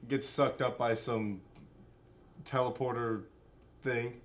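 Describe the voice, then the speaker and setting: A man's voice: medium pitch, steady tone, slow pace. A young man in casual comedic movie chat, summing up plots in a dry, playful way. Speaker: co-host.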